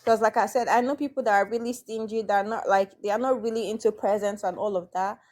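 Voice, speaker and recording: A woman's voice: mid-range voice, fairly even intonation, darkish tone. Reflective woman guest sharing her view. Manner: reflective, often stretches words out slowly. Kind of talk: casual chat, sharing opinions.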